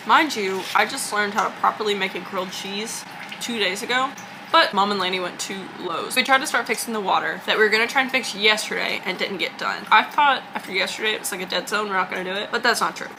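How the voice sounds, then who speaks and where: A woman's voice: mid-range voice, brisk, noisy background. A young woman chatting to her camera at home, rambling and self-deprecating as she vlogs. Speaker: vlogger. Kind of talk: casual vlog chat to camera. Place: at home indoors.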